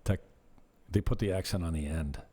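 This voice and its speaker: A man vlogging in a casual, rambling monologue, self-deprecating and drifting off topic, with a husky voice. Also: low voice, normal speed, warm tone.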